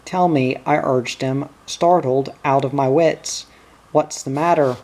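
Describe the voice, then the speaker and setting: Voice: medium pitch, steady tone, a little slow, darkish tone, natural voice. A reader voicing a troubled country wife. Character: worried middle-aged country wife.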